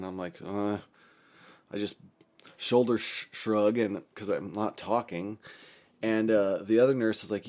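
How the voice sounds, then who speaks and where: A young man with a lowish, slightly mellow voice tells a story at a measured pace while recovering from a stroke. He rambles and swears a lot, often breaking off mid-sentence to laugh at his own account.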